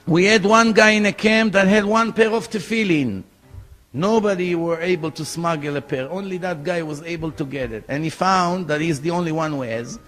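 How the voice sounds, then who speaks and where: High-voiced rabbi telling a story. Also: male voice. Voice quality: non-native English grammar. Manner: animated storytelling, acting out quoted voices. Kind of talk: sermon storytelling.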